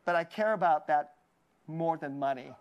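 A woman's voice: sits low, normal speed, dull audio. A woman giving a sermon as though chatting with friends. She laughs often, trips over her own words and restarts them, and drops in asides to keep it loose. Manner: conversational and jokey, laughs often, many restarts. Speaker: preacher.

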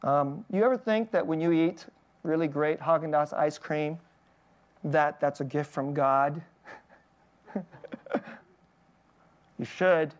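A pastor giving a conversational sermon at a church service, chuckling between points and putting direct questions to the congregation. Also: medium pitch.

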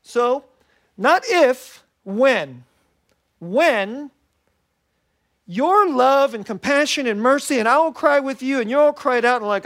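A middle-aged man preaching a sermon as a pastor, animated and laughing often as he acts out what people say. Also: very high voice, takes it slowly. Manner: animated, laughs often, quotes himself in little voices.

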